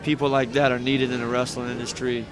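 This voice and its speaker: A man's voice: medium pitch, flat delivery, fast, crowd noise. A man, a professional wrestler, telling rambling, heartfelt stories with laughs between them in a casual interview.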